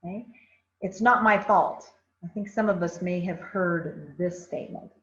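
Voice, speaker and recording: A woman's voice: lowish voice, steady tone, normal speed. Woman training staff in a roomy room. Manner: conversational, repeats phrases, frequent fillers. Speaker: customer service trainer. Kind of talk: workplace training talk. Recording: roomy, slightly dull recording.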